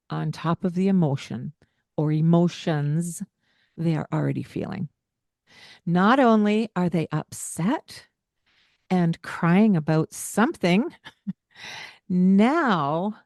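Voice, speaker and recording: Woman podcast co-host, unhurried and earnest, low voice, dry close mic. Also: darkish tone, no room sound. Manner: earnest, explanatory, with frequent light laughs. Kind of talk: casual podcast chat.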